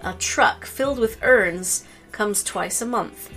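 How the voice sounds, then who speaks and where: A woman co-hosting a let's play, chatting casually and reading game text aloud in a playful, deadpan way. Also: mid-range voice, takes it slowly, soft background music, poor audio.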